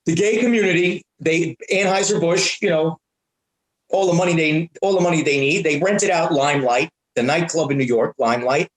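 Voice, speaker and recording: With a roomy echo around him, a high-voiced man who does prank calls and voice acting appears as a guest, recounting anecdotes with animated excitement at a moderate pace. He keeps repeating words and starting them over.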